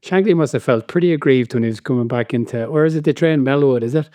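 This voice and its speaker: Brief: male podcast co-host, mellow tone, dry close sound, curious and quick to laugh. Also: medium pitch, no echo. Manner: curious, laughs often, retells stories. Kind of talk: casual chat.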